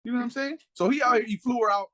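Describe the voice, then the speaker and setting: Animated man telling stories. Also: very high voice, racing. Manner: animated storyteller, acts out quotes in raised voices. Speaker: podcast co-host. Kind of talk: casual chat.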